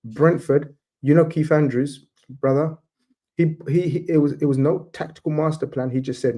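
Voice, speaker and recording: Mellow-voiced young man talking football. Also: mid-range voice, fairly even intonation, moderate pace, rough recording. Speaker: football pundit and Liverpool fan. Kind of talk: casual football debate.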